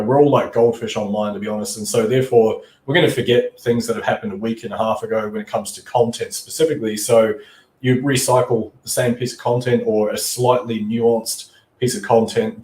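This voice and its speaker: Guy with a lowish voice doing a chill live coaching stream, chatty, lots of "you know", roomy echo. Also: a little mellow. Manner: easygoing and chatty, with frequent restarts and "you know". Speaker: online marketing coach hosting a live stream.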